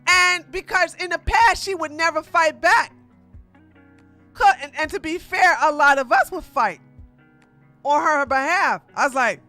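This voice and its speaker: Bright, blunt drama commentator. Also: very high voice, unhurried, faint music behind. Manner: blunt, sassy trash-talk; talks straight at the people discussed. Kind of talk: casual live-stream commentary.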